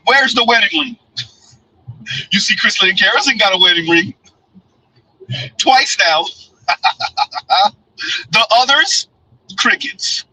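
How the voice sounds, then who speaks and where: A man's voice: high-pitched, animated, slow pace, long pauses, pushed and bright, slightly rough, poor audio. A man hosting a blunt, mocking commentary show while riding in a car, often laughing. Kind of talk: casual live commentary. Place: in a car, in transit.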